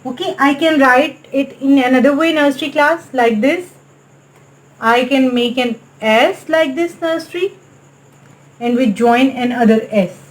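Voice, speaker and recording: A woman with a Pakistani English accent teaching a nursery maths lesson in a slow, sing-song way, repeatedly calling on the class. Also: sits high, roomy sound, low-quality recording. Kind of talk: recorded online maths lesson for small children.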